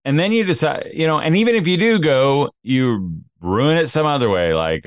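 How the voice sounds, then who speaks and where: A man's voice: medium pitch, very animated, moderate pace, smooth, dry recording, studio quality. A middle-aged man co-hosting a casual podcast, telling rambling stories and acting out the people he quotes. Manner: rambling storyteller, acts out quotes. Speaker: podcast co-host. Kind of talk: casual chat.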